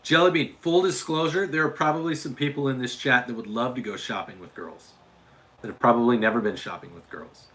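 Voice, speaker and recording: A man's voice: mid-range voice, brisk, a bit bright. A man from Utah hosting a casual livestream, chatting with viewers and often restarting and repeating his words. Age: adult father. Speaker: livestream host.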